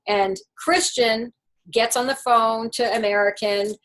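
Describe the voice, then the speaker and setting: Lively woman telling a personal story. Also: fairly high pitch, measured pace, rough recording. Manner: lively, casual, lots of "like" and "you know". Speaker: life coach and speaker.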